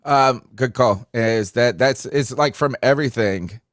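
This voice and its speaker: A man hosting a sports podcast call-in show, talking in a frustrated, rambling way and trailing off quietly at times. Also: mid-range voice, unhurried, no echo, clean studio sound. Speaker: podcast host taking calls. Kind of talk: casual postgame call-in talk.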